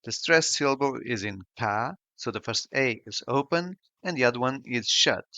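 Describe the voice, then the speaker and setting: A man narrating a scripted language lesson in a slow, careful, explanatory way. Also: medium pitch, expressive, bright, forceful tone, dry recording. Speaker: language teacher.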